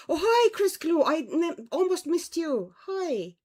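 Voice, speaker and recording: Slow-talking woman, vague European accent. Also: very high-pitched, a little mellow. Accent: vague European with slight Irish twang. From Estonia. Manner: chatty, greets viewers, frequent laughs. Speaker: livestream host. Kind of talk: casual livestream chat. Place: home.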